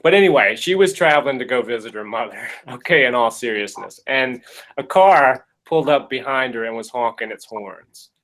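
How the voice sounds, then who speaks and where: A man's voice: mid-range voice, normal speed, low-quality recording. A man hosting a podcast, retelling a case in a jokey, casual way and acting out the quotes. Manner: jokey, animated, acts out quotes. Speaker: podcast host. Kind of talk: casual storytelling.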